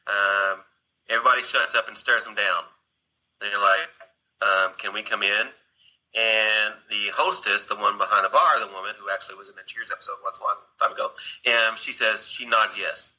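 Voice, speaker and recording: Husky, sharp-edged low male voice. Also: steady tone, normal speed, poor audio. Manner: rambling, with many restarts and asides to the listener. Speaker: storyteller. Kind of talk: casual rambling retelling of a film scene.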